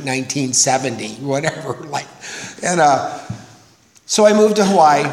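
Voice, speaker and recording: An older man from California telling a rambling, self-mocking story to an audience, acting out the voices he quotes. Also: fairly high pitch. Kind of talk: personal recovery story to an audience. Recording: echoey hall, faint noise.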